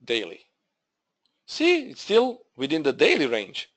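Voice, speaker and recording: Slow-talking man presenting a trading webinar. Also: a little high, huge pitch swings, a bit bright. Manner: halting, repeats himself, addresses viewers as "guys". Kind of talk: live trading webinar walkthrough.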